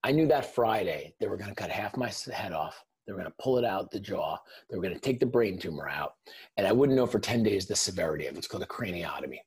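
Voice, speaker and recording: A middle-aged podcast guest with a deep, slightly rough voice tells a blunt, intense personal story. He speaks fast and expressively in casual language with some swearing, and the storytelling is emotional.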